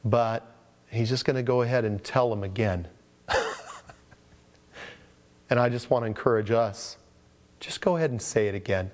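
A man's voice: mid-range voice, moderate pace, long pauses, long reverb tail. A man preaching as a pastor, telling stories conversationally and acting out the voices of the people in them. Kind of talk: sermon.

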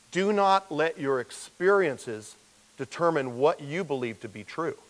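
A man's voice: on the high side, poor audio. A man as pastor, teaching a verse-by-verse sermon in a conversational way and acting out the voices he quotes.

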